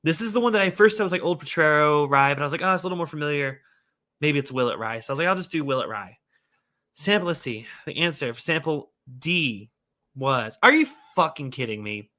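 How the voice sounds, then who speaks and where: Male livestream host, casual and animated, bright forward tone, quick to exclaim and scold himself. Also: on the high side.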